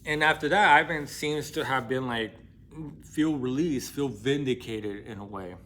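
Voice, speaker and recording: A book discussion vlogger recaps a novel's plot in casual spoken form, using loose, slangy language packed with fillers and restarts. His voice is medium in pitch, slightly slow and a bit bright.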